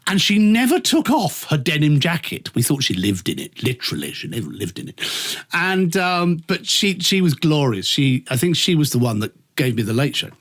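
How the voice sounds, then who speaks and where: Animated, laughing male radio presenter. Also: fairly high pitch, normal speed. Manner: animated storyteller, laughs often, swears casually. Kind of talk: casual interview chat.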